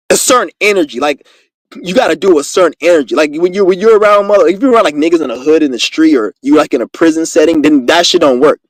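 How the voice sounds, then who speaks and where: A man talks fast and loose in a casual monologue, boastful and full of cursing. His voice sits a little high. The sound is dry, with no room echo. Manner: rambling, profane, boastful storytelling. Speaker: vlogger.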